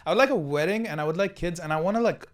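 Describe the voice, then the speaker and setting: A man's voice: sits high, very fast. A man in his late twenties from South India, a podcast guest in casual chat who jokes, swears freely and laughs a lot. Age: late 20s.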